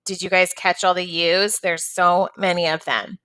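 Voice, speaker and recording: A woman's voice: lowish voice, flat delivery, moderate pace, pushed and bright, clean tone, no room sound. A woman teacher patiently walking young students through a phonics and reading lesson, step by step.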